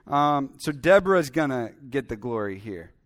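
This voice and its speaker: A man's voice: mid-range voice, normal speed. A man preaching a sermon, reading Bible verses and commenting as he goes, acting out voices now and then. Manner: animated, acts out voices when telling the story.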